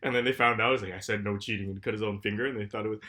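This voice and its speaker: A man's voice: on the low side, steady tone, very fast, sharp tone. A young man co-hosting a podcast, rambling casually, laughing and swearing with his friend. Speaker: podcast co-host. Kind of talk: casual chat.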